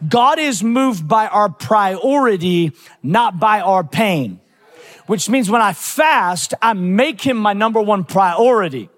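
A man pastor preaching a sermon, energetic, mixing personal stories with quoted prayers and scripture. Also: high-pitched. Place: church sanctuary. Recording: long church-hall reverb.

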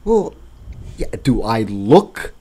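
A man co-hosting a casual chat, telling animated, profane stories about his rideshare passengers and laughing often. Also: medium pitch, slow pace, a little hiss or hum. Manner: animated, profane storytelling that acts out voices; laughs often while talking. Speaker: podcast co-host recounting rideshare driving.

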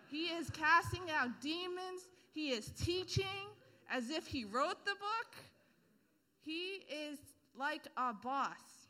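A woman preaching in a relaxed, joking way, leaning on everyday analogies and casual slang. Her voice is high and bright, and her delivery is conversational rather than formal. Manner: casual, humorous, full of analogies. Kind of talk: sermon.

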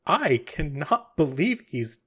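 A man's voice: a little high, sing-song, takes it slowly, slightly rough, voice pushed up, full character voice. Man playing a nervous, taunting old woman. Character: much older woman, nervous and gleeful.

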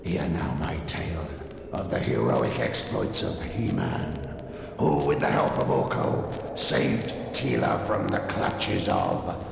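An actor playing an ancient, solemn male sage who narrates a cartoon tale in a deep, gravelly, portentous voice, recorded with heavy echo. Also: slow pace, noisy background, exaggerated voice. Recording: roomy, echoey, long reverb.

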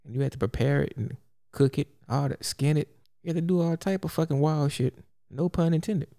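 Gravelly, profane man ranting on a podcast. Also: a little high, a little fast, dark tone. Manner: profane, blunt and exasperated. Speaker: podcast host. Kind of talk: solo podcast rant.

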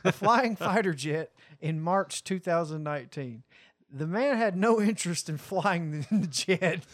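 A man's voice: high-pitched, expressive, a little slow, fairly bright tone, dry recording, clean studio sound. A man in casual, crude chat, reading out headlines with lots of laughter. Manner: crude, laughing, rambling delivery.

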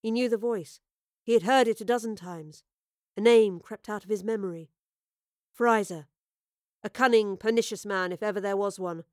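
A woman narrating a dramatic audio story in a measured, storytelling voice. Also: mid-range voice, a little mellow, no echo, clean studio sound.

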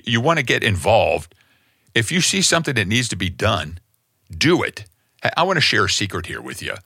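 A middle-aged man preaching a sermon as pastor, conversational and emphatic, with sudden loud peaks. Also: on the low side, dry recording, clean studio sound.

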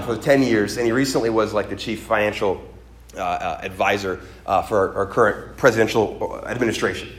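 A man's voice: mid-range voice, roomy sound. A male pastor giving a sermon, telling stories with quoted voices and building to emphatic peaks. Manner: animated storytelling, voices quoted characters, rises to emphatic peaks.

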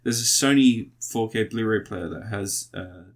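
A man's voice: lowish voice, normal speed. A man, co-hosting a casual podcast chat, laughing often and swearing freely. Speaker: podcast co-host.

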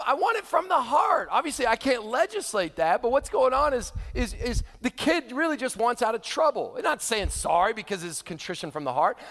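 A middle-aged male pastor preaching a sermon, animated and acting out quoted voices with humor. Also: very high-pitched. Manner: animated, acts out quoted voices, laughs with the audience. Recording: long hall reverb.

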